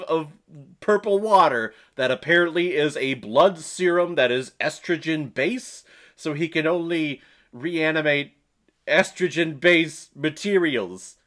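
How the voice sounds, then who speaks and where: A young man reviews a movie in a loose, enthusiastic way, often laughing at what he describes. His voice sits slightly above average in pitch. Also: fairly bright tone.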